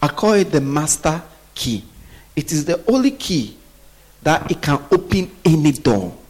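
A man preaching a sermon, often pausing so the congregation can finish his sentences. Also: on the high side, sing-song, darkish tone. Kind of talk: sermon with call-and-response.

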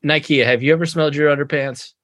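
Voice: mid-range voice, steady tone, quick pace, a bit bright, no room sound. A podcast co-host in casual comedy chat, giggling and laughing a lot.

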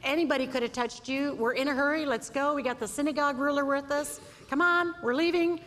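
A woman voicing a hurried, impatient male disciple who urges everyone to leave. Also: high-pitched, a bit bright, pitched above the performer's own voice. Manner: impatient, urgent. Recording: echoey hall, faint room noise.

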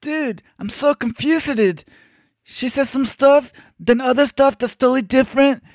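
A laid-back, dim-witted band member drawls like a surfer and mangles words, voiced by a woman. Her voice sits a little high. The sound is dry and close. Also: a little slow, a little mellow, dry recording.

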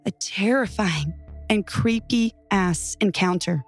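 A woman narrates a frightening personal story in an earnest, tense way, with faint music in the background. Her pitch sits mid-range for a woman. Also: slow pace.

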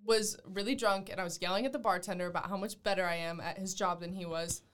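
Twenty-something woman on a podcast, chatty and animated, tells stories with lots of likes. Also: lowish voice, fast talker. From Texas. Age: 20s. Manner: animated storyteller, acts out quotes, laughs often. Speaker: guest. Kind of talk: casual podcast chat.

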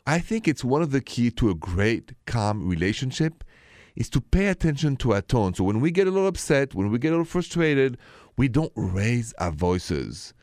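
A man with a French accent hosting a call-in relationship advice radio show, speaking calmly, slowly and softly. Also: medium pitch, dry recording, studio quality. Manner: calm, slow, soft-spoken.

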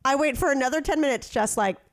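A woman co-hosting a podcast, telling a story in casual chat, animated and acting out quotes in different voices. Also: high voice, quick pace. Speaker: podcast co-host.

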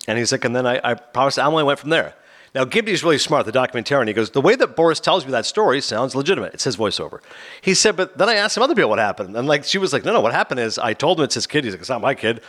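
A man hosting a talk show, retelling a documentary in a casual, animated way and slipping into quoted voices. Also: medium pitch, quick pace. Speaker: host.

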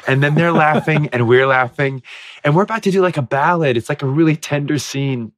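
A man, a musical theatre actor guest, telling stage stories in a casual, animated way, laughing and acting out the lines he quotes. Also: fairly high pitch, fairly quick, dry recording, studio quality. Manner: animated, giggly storyteller who acts out quotes.

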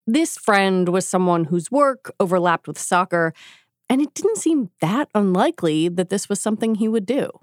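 A woman podcast host with a scratchy voice from a cold, narrating the story in a measured, explanatory way. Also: medium pitch, animated, no echo, clean studio sound. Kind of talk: scripted narration and interviewing.

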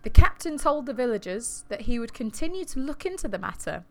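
A woman's voice: fairly high pitch, sing-song, a little fast, darkish tone. A woman co-hosting a podcast, telling a creepy story in a jokey, giggly way and swearing casually. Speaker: podcast co-host.

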